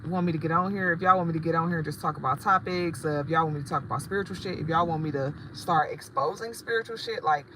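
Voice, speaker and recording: A woman's voice: sits low, fast, few pauses, fairly bright tone, slight background noise, low-quality recording. A woman, rambling casually and profanely to her livestream viewers as a spiritual shop owner. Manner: rambling, chatty, profane, addresses viewers directly.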